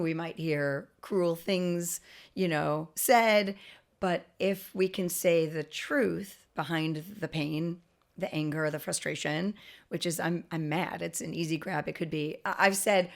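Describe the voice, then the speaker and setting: A middle-aged woman, an autism expert, speaks as a guest in a podcast interview, earnest and explanatory, often restarting sentences and laughing lightly. Her voice is a little low and gravelly, and she talks a little slowly.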